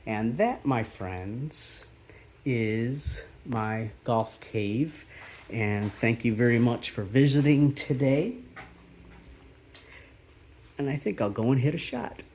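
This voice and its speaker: A man showing around his backyard golf simulator shed in a casual, halting way, full of fillers and restarts. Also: mid-range voice, a little mellow, a little hiss or hum. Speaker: golf vlogger. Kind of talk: casual home tour.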